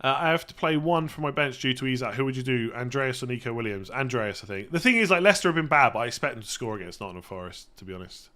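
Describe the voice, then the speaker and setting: A man hosting a casual live-stream Q&A, chatty and self-correcting, often clearing his throat. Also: medium pitch, animated, quick pace, hardly any pauses, pushed and bright. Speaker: fantasy football streamer.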